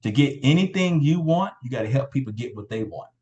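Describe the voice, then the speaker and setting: A man's voice: medium pitch, expressive, fairly quick, dark tone, dull audio. A man hosting a motivational team call over video, hyping people up and repeating names and phrases. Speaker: call host.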